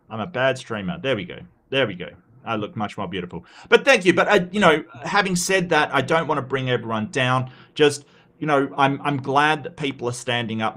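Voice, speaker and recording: A man's voice: medium pitch, a bit bright. An Australian man hosts his own livestream in a loose, casual way. He talks with heated conviction and often trips over his words, restarting and repeating himself as he pushes his point. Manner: impassioned, repetitive restarts. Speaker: livestream host.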